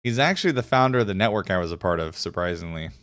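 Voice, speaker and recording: A man's voice: sits low, lively intonation, very fast, a bit bright. A man streaming and chatting casually, rambling with frequent laughs and the odd swear word. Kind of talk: casual chat. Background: background music.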